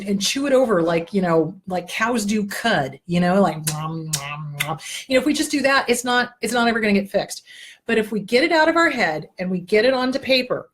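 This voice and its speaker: A woman with a husky, slightly breathy voice talks straight to her listeners as a therapist hosting her own show. She coaches them patiently through exercises, then drops in swear words and earthy asides. The delivery is plain and unpolished. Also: mid-range voice. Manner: blunt, earthy and profane, with lively asides. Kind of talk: casual self-help advice talk.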